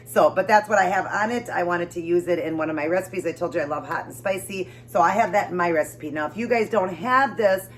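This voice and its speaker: A woman's voice: fairly low pitch, a little fast, few pauses, slight background noise. Chatty Northern US woman vlogger. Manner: chatty, rambling, self-correcting. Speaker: keto vlogger. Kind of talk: casual eating show chat. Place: home with mowing outside.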